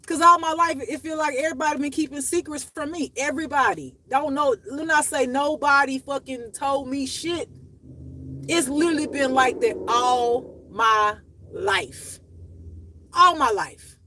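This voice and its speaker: A woman's voice: high voice, a little slow, bright, forceful tone, a little hiss or hum. A woman hosting her own channel, talking unscripted to her viewers in a blunt, profane, emotional way, her voice rising and dropping as she speaks. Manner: raw and confessional, voice rising and dropping. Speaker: channel host. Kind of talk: unscripted personal monologue to viewers.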